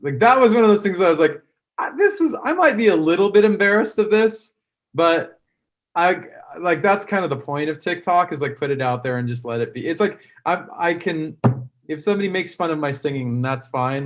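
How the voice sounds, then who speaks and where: A man chatting casually on a video call, rambling with many ums and likes. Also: fairly high pitch. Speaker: musician guest on fan call. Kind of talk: casual chat.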